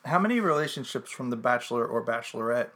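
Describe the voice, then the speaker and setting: A man's voice: medium pitch, expressive, quick pace, a bit bright. A man co-hosting a casual podcast chat, talking in a dry, teasing, matter-of-fact way. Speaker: co-host.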